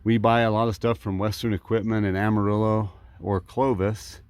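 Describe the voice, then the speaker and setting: A man's voice: on the low side, little pitch movement, normal speed, darkish tone, smooth, no echo. A man, a farmer talking casually to the camera outdoors with dry, sarcastic humor. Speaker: farmer vlogger. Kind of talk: casual vlog walkaround. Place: outdoors on a farm. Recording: faint outdoor noise.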